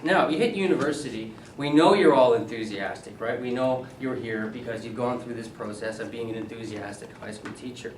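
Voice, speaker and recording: Animated guy lecturing a class, camera far off, roomy echo, some faint hiss. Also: mid-range voice, brisk, few pauses. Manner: animated, asks the class questions and repeats their answers. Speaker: university English professor. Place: university seminar room. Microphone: camera at a distance. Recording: echoey room, voice from far off.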